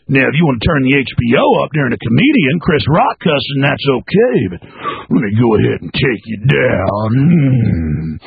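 Ranting husky talk radio man. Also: fairly high pitch, no room sound, phone-quality sound. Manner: ranting, emphatic. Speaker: radio talk show host. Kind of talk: talk radio monologue to a caller.

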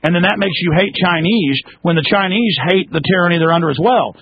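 A man's voice: a little high, fast talker, hardly any pauses, dry recording. A man hosting a talk radio show, ranting heatedly and calling his listeners folks. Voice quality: gravelly, raspy. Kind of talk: angry talk radio monologue. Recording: dull lo-fi radio sound.

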